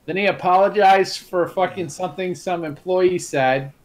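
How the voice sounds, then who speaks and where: High-voiced man ranting bluntly. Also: normal speed. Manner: blunt, heavy swearing, ranting. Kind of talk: casual chat.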